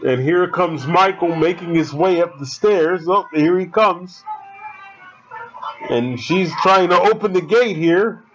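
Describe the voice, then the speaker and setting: A high-pitched man talking casually over a movie, reacting loudly and cursing at what happens on screen. The sound is dull and lo-fi, and faint film music plays underneath. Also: takes it slowly. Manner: excitable, talks back at the screen, swears. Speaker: fan commentator.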